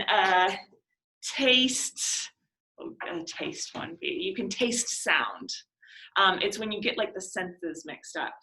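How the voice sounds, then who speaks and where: A young woman teaching a literature class over a computer mic. Her voice is bright and clear at an ordinary middle pitch. She talks in a chatty, thinking-aloud way, laughing often and using plenty of fillers. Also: low-quality recording. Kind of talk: class discussion lecture.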